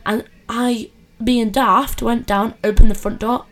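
A young woman, telling dating stories in a chatty, animated way with lots of fillers. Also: a little high, unhurried. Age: 20s. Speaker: podcast host. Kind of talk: casual storytelling chat.

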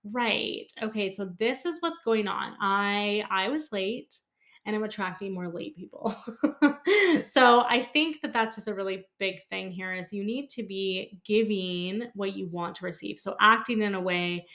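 A woman's voice: mid-range voice, unhurried, a bit bright. A woman hosting a podcast who tells a story in a chatty, casual way, laughs often, swears now and then and fills her talk with "like". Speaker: podcast host and lash artist.

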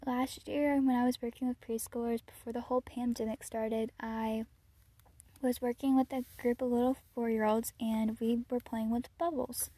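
A teenage girl hosting her own podcast, chatting casually and gushing about the children she works with, full of "like" and soft laughs. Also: a little high, flat delivery, moderate pace, no echo. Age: teens. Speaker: podcast host. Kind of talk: casual solo podcast chat.

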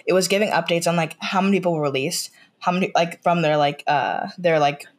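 A woman's voice: on the low side, normal speed, hardly any pauses. An American woman chatting as a podcast guest. She rambles, fills her talk with "like" and restarts, and retells scenes by quoting the lines. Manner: rambling, full of "like" fillers and restarts. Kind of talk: casual podcast chat.

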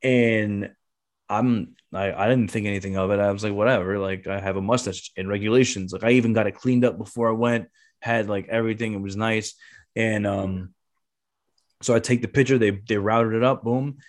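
This thirties-aged man, a guest on a podcast, speaks in a lowish voice with a steady tone. His casual story rambles quickly, full of swearing and false starts.

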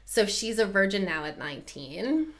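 A woman's voice: medium pitch, sing-song, moderate pace. A woman co-hosting a podcast, chatting with enthusiasm and many fillers and restarts. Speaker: podcast co-host. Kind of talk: casual chat.

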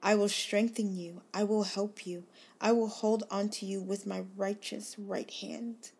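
A woman reads scripture in a slow, earnest devotional style. Her delivery is unhurried and even, with little rise and fall, and she leans gently on key words. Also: mid-range voice, gravelly, slightly rough. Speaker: devotional host. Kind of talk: scripture reading and devotional reflection.

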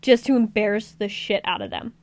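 A woman's voice: medium pitch, fairly quick, no echo. A woman co-hosting a podcast who chats easily and laughs often while telling prison work stories. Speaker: podcast co-host, former prison officer. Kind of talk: casual storytelling chat.

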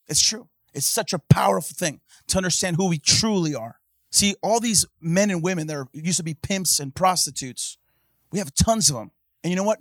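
A man preaching a sermon in church, swinging from hushed talk to impassioned shouting and calling out to the congregation. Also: sits high, dry recording, studio quality. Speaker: pastor.

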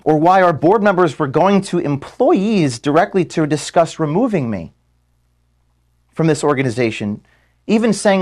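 A man giving a farewell address to his staff, filmed in an office room. He is close to tears and halting, and he stops to apologize as he speaks. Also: a little high, animated, a little mellow. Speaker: organization founder giving a farewell speech to staff.

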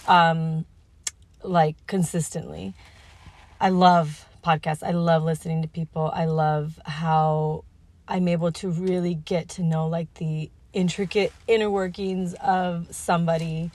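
A woman in her thirties talks alone into her podcast mic, earnest and reflective. Her voice sits fairly low with a gravelly fry, and she circles her thoughts with fillers and restarts. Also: little pitch movement, a little slow, a little mellow, no room sound. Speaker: podcast host. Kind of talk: reflective solo podcast monologue.

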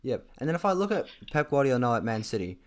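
A young man talks football in a relaxed, rambling way, stacking up fillers and restarting his sentences. His throat is dry and he clears it often. His voice sits at an ordinary middle pitch. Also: fast. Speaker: football podcast co-host. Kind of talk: casual chat.

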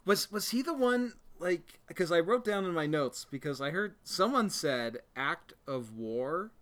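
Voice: medium pitch, expressive, unhurried, a bit bright. Podcast co-host, hesitant casual talker, mid-range voice. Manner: hesitant, lots of fillers and restarts, laughs easily. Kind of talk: casual chat.

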